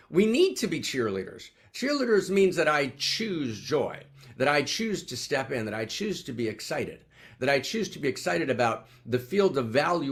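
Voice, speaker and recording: Man, animated teaching talk, lively pitch, exuberant, repetitive rhetorical questions, video call sound. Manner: exuberant, repeats questions, peppers talk with "right?". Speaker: teacher leading an online gathering.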